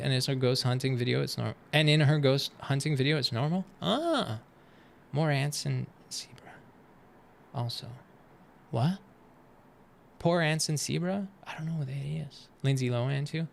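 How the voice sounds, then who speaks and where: Chatting with his audience while reacting to videos on a live stream, this man is lively and swears without restraint. His voice is on the high side and creaky.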